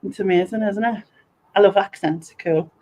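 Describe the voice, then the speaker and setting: A woman's voice: mid-range voice, moderate pace, dark tone, rough recording. A woman from North East England with a Sunderland accent, hosting a casual livestream and chatting while reading viewer comments aloud. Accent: Sunderland (Mackem). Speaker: livestream host.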